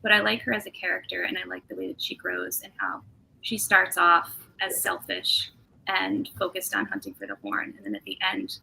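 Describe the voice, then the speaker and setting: A woman podcast guest with a bright, gravelly voice and a lively melody. She speaks earnestly and warmly enthusiastic, in casual talk. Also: fairly low pitch, normal speed, a little hiss or hum, low-quality recording. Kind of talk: casual discussion.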